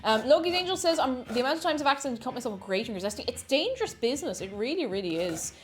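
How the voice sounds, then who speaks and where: A woman's voice: high voice, big pitch swings, rapid-fire, slight background noise. A woman, a variety streamer chatting casually with her chat while she bakes, greeting viewers by name and laughing often.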